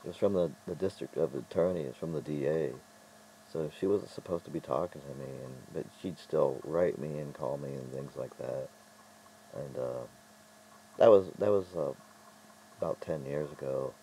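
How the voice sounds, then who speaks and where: A middle-aged man talks straight to his audience in a loose vlog monologue. His voice sits very low and dark. He rambles and trips over his words, restarting often as he tells his stories. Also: slight background noise, poor audio. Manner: rambling, halting storytelling with frequent restarts. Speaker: vlogger.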